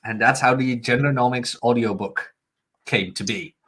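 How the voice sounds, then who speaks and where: A man co-hosting a live stream over a video call. He tells his story in a relaxed, casual way. His voice sits at a middle pitch. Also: normal speed, husky. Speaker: co-host and audiobook narrator.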